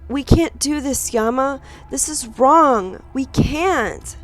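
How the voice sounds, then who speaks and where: A woman's voice: high voice, animated, takes it slowly, soft background music, voice pushed up. Woman doing a terrified, pleading schoolboy. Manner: shaky, pleading and desperate. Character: terrified young male student, pleading.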